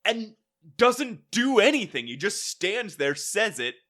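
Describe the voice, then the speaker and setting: A man's voice: high-pitched, sing-song, takes it slowly, pushed and bright. A man co-hosting a casual comedy podcast, rambling through a story, laughing often and acting out quotes. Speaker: podcast co-host.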